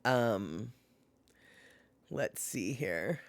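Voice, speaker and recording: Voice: medium pitch, lively intonation, drawn-out words, no room sound. A live streamer in casual chat, rambling with many fillers and self-corrections while answering viewers by name.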